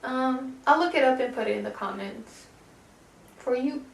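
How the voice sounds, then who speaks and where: Woman tarot reader, casual and slangy with some swearing; fry in a higher voice, faint background noise. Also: normal speed. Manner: chatty and slangy, swears, calls listener baby. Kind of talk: casual pick-a-card tarot reading. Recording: echoey room, distant mic, faint noise.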